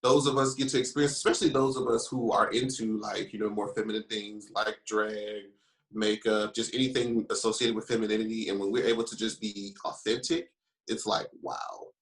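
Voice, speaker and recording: A man co-hosting a casual review chat, relaxed and reflective, laughing easily. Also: lowish voice, a little fast, low-quality recording. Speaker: co-host.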